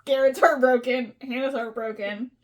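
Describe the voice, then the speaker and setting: A woman's voice: high voice, fairly even intonation, moderate pace. A woman co-hosting a casual book podcast, giggling, swearing casually and acting out characters.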